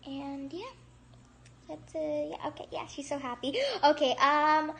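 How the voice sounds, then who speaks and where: A gaming channel host, this woman gives casual, excitable, chatty gameplay commentary, gasping and squealing at surprises and rambling with frequent restarts. Her voice sits high, with vocal fry, and she speaks unhurriedly.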